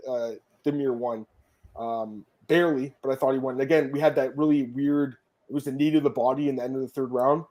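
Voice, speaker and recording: A man's voice: medium pitch, fairly even intonation, fairly quick, darkish tone. A man hosting a casual sports podcast, talking bluntly and emphatically and swearing freely. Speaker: podcast host.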